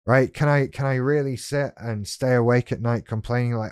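A man's voice: medium pitch, steady tone, moderate pace, smooth, no room sound, clean studio sound. A man vlogging from his desk at home, thinking aloud in a frank, self-questioning monologue. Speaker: vlogger talking about BPD. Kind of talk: candid reflective monologue.

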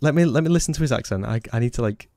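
A man's voice: mid-range voice, animated, very fast, mellow, no room sound. A man with a Yorkshire accent, a gaming YouTuber chatting loosely and swearing as he sets up a voice changer. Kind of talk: casual gaming commentary.

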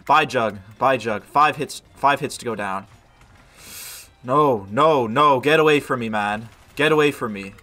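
A man's voice: mid-range voice, a little slow, bright, forceful tone. A man casually commenting on his gameplay, swearing freely and mocking himself while strained from hot sauce. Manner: swears a lot, self-mocking, swings to yelps and groans. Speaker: gaming YouTuber.

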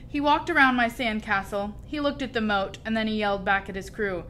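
A woman reading a children's story aloud with expressive, lively storytelling. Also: medium pitch, a little fast, few pauses, a little hiss or hum. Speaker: storybook reader.

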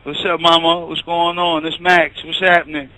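A man calling in to a radio show, talking in laid-back street slang, smooth and flirty. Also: a little high, little pitch movement, moderate pace, bright, forceful tone, low-quality recording. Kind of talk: call-in phone chat.

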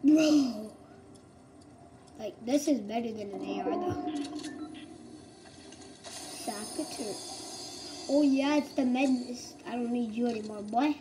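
Woman gamer, live commentary: high voice, slangy, excitable, noisy recording. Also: unhurried. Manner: excitable, slangy, loud exclamations.

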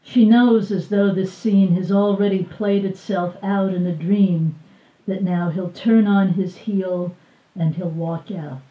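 An older woman reading from her own memoir at a bookstore event, measured and expressive, voicing the dialogue. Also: medium pitch. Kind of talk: live book reading. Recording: roomy, distant, dull live recording.

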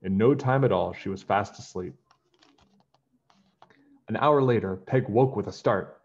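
A man reading a children's picture book aloud in a gentle storytelling manner, then chatting to his young listeners. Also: fairly low pitch, fairly even intonation, moderate pace, muffled recording.

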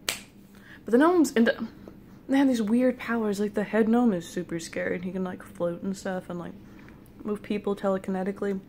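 Brief: young woman vlogger, gravelly edge, casual rambling storyteller, faint hiss behind. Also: mid-range voice, fairly even intonation, normal speed, darkish tone. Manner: rambling, playful, quotes people in put-on voices; eating jelly beans while talking. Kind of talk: casual storytelling about a dream.

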